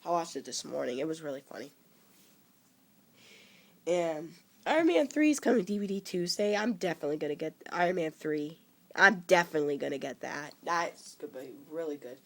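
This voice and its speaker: A young man in his teens with a cold, rambling casually about movies he likes and dislikes, with frequent halting restarts. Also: a little high, lively intonation, vocal fry. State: coming down with a cold. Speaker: vlogger.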